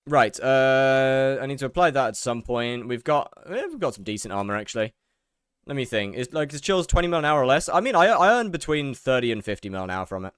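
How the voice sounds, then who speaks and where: A man's voice: medium pitch, expressive, a little fast, a bit bright, clear, resonant tone, no room sound, studio quality. A young man chatting casually while he streams a game, rambling, repeating words and answering his chat.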